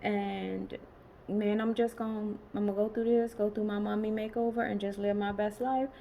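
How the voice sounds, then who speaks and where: A woman in her late forties talking in a personal vlog, tired and emotional, rambling and halting with many pauses and restarts. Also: medium pitch, flat delivery, gravelly, mellow, a little hiss or hum, poor audio. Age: late 40s. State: tired and emotional, has been crying. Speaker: vlogger.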